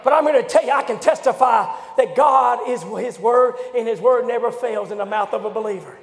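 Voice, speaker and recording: A man from preaching with a drawl, his voice pushed unusually high and rough with gravel. He swings between hollering and near-whispers. The sound is an echoey church hall, with a faint congregation behind him. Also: fairly quick. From Louisiana, USA. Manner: fiery preaching, swinging from shouts to low hushed tones. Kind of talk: revival sermon. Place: church sanctuary.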